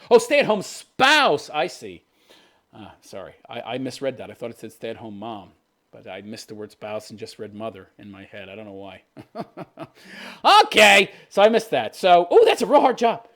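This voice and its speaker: A man's voice: on the high side, big pitch swings, moderate pace, fairly bright tone. Profane ranting man in his fifties. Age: 50s. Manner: profane, sarcastic, scoffing. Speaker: podcast host. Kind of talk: ranting commentary.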